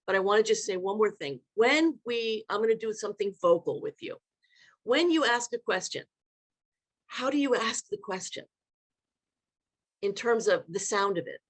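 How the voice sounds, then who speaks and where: Woman coaching a live online workshop. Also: medium pitch. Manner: animated, demonstrates vocal inflections. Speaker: leadership coach.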